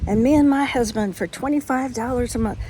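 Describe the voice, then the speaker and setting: A woman's voice: on the high side, brisk, warm tone, slight background noise, close to an everyday voice, rough recording. A woman voicing a boastful thrifty mother in a put-on Southern American accent.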